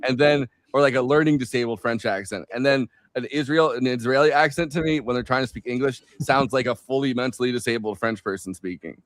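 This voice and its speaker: A man's voice: medium pitch, brisk, few pauses. A man co-hosting a casual political chat, rambling through his take with many restarts. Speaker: co-host.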